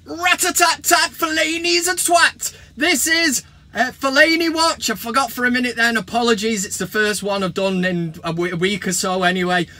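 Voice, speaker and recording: An English man hosting a football fan vlog, talking to camera in an animated, sarcastic rant and swearing freely. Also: sits high, a little fast, slight background noise.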